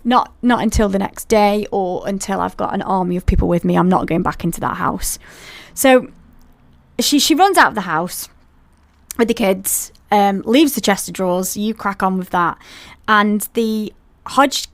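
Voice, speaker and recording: A woman's voice: mid-range voice, normal speed, creaky. Chatty woman telling a ghost story. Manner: conversational, talks straight to listeners with asides. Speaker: podcast host.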